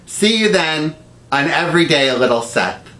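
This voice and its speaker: A man's voice: on the high side, lively intonation, moderate pace. A man hosting a web series, telling self-deprecating comic stories full of pop culture jokes. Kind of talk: comic monologue. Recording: echoey room, distant mic, music underneath.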